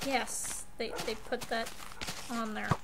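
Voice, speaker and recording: High bouncy woman doing a let's play, gets worked up and yells at the game, slow drawl. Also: creaky. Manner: excitable, yells and swears at the game. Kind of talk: gaming commentary. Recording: loud background hiss.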